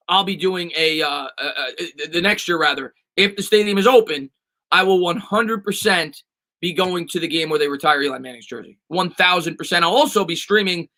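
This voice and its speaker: A man with a very bright, forceful and rather high voice, chatting casually on a live stream. He reads questions from the chat and answers them off the cuff, stumbling through restarts and "um"s. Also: rough recording.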